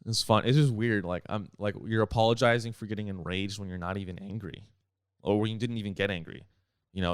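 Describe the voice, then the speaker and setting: Young man, comedy podcast host, rambling profane rant, low smooth voice, dry close sound. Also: no echo. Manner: rambling and profane, with many restarts and fillers.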